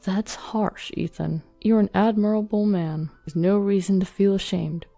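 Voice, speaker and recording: A woman's voice: medium pitch, steady tone, unhurried, vocal fry, faint music behind. A woman voicing a kind, encouraging older man who acts as a mentor. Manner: gentle, encouraging.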